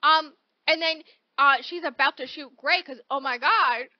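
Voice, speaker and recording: A woman co-hosting a podcast, recapping a novel in animated, casual chat full of "like" and "right?", with casual swearing. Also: high voice, a little slow, dry recording, lo-fi sound. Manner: animated storytelling, peppered with "like" and "right?". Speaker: podcast co-host.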